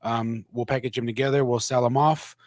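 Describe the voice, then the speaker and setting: A man introducing his healthcare investment fund at a networking meetup, measured and businesslike. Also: medium pitch, flat delivery, darkish tone, no room sound.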